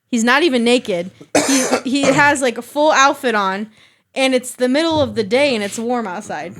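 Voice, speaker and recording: Young female panelist, casual chat, lively recaps, a bit higher voice. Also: moderate pace, noisy background. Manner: animated retelling with acted quotes and laughs. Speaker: podcast panelist.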